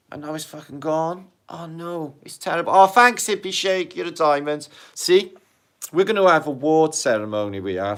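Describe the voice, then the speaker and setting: A man with a British accent hosting a casual livestream, reading out viewer comments and chatting in a jokey, sweary way. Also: a little high. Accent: British English. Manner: chatty, jokey and sweary, swings between loud and hushed. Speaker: livestream host.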